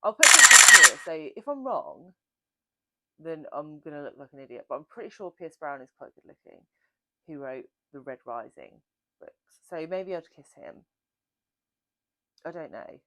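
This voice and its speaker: A woman's voice: low voice, very animated, a little slow, pauses often, darkish tone, dry recording. A woman hosting a book channel, chatting casually and self-mockingly through a Q&A. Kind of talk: casual Q&A chat.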